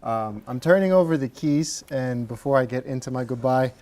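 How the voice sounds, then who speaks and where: A man's voice: medium pitch, normal speed, darkish tone. A young man hosting a student sports show, talking in an upbeat, jokey, casual way. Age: young adult. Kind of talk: casual chat.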